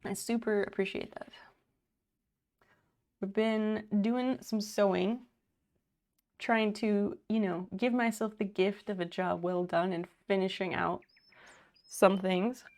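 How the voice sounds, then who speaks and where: Slow-talking woman livestreamer. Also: medium pitch, fairly even intonation, darkish tone. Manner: chatty, thanking viewers by name. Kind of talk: casual livestream chat. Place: at home while sewing.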